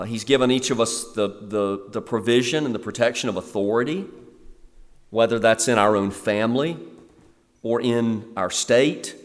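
A man preaching a sermon in an earnest way, lifting his voice for emphasis as he quotes scripture. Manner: earnest, rises in pitch and volume for emphasis when quoting scripture. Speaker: pastor. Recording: long reverb of a hall.

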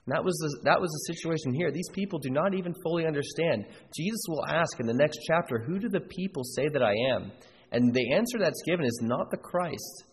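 A man's voice: a little high, animated, brisk, hardly any pauses, in a large hall, a little hiss or hum, poor audio. A man preaching a sermon as a pastor, earnest and emphatic, repeating key phrases for weight. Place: church sanctuary.

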